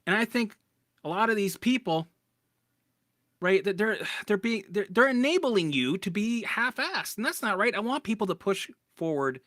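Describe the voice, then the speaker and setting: A man coaching people through recovery in a blunt, profane, animated casual talk. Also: high-pitched, normal speed, no room sound, studio quality. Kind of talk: casual motivational talk to camera.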